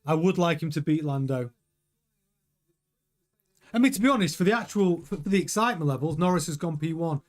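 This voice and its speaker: A man hosting a live race watchalong, chatting excitably over the timings with frequent stumbling restarts. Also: on the high side, a little fast, long pauses. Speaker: host.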